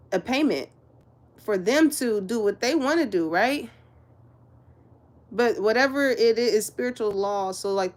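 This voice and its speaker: A woman giving a casual, chatty spiritual reading to her viewers, laughing often and swearing freely. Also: mid-range voice. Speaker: spiritual reader.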